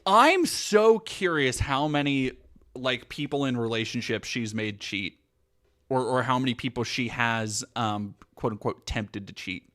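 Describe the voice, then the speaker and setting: A man's voice: mid-range voice, a little slow, a bit bright. A man giving casual, sarcastic, profane commentary on video clips as a streamer.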